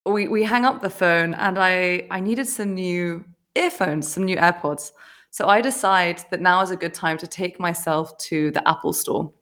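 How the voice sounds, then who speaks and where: A woman hosting a podcast, telling a personal story in casual conversation, animated and often laughing as she acts out what people said. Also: on the low side, moderate pace. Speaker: podcast host.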